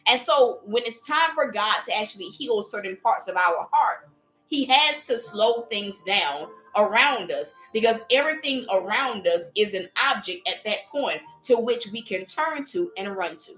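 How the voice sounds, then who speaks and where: A woman preaching in a lively, casual way, acting out little voices as she speaks. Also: medium pitch, moderate pace, faint music behind, low-quality recording. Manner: animated, playful, acts out voices while preaching. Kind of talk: livestreamed preaching.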